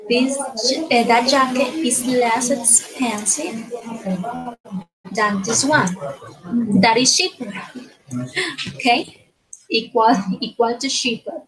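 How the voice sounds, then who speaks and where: A woman's voice: fairly high pitch, slow, pauses often, a crowd in the background, poor audio. A woman teaching an English grammar lesson, who keeps checking in with short tag questions and repeats phrases as she explains.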